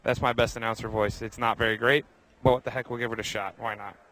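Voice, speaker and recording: A man's voice: medium pitch, level tone, fast talker, fairly bright tone, poor audio. A young man walks through a racetrack garage outdoors, hosting a live tour in an upbeat, chatty way. He calls out viewers by name as he goes, his voice sitting in a middle register. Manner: walking while talking. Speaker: host. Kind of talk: live walking tour commentary.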